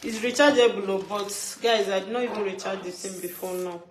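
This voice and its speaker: A woman's voice: medium pitch, a little fast, echoey room, noisy background. A woman, a mother, chatting casually to her viewers while unboxing something at home. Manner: chatty, talks to viewers as friends. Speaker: mother vlogger.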